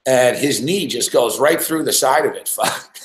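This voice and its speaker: A man's voice: medium pitch, unhurried, a little hiss or hum. A young man from Montreal, hosting a podcast and telling a rambling, profane story full of "like" and laughter. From Montreal, Canada. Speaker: podcast host. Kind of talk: casual storytelling chat. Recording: echoey room.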